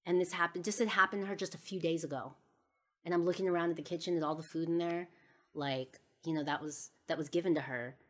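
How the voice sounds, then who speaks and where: Woman, low-pitched voice, podcast host, rambling personal storytelling. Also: fairly even intonation, quick pace, fairly bright tone. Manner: rambling, many fillers.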